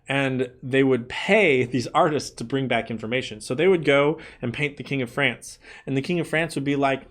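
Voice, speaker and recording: Guy lecturing art history, mid-pitched, explains things plainly, kinda playful. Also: moderate pace, hardly any pauses, fairly bright tone. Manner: explanatory, playful quoted asides. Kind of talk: classroom lecture.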